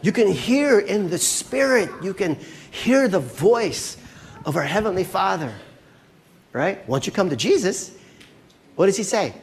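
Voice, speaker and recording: A man preaching a sermon as a pastor, conversational and animated, often checking in with his listeners. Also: high voice, unhurried, a little hiss or hum.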